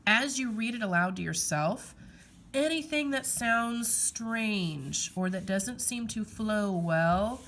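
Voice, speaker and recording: A woman's voice: on the high side, expressive, slow, fairly bright tone, a little hiss or hum. A woman teacher explaining how to revise a paper, direct and emphatic, often checking in with "okay". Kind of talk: classroom writing lesson.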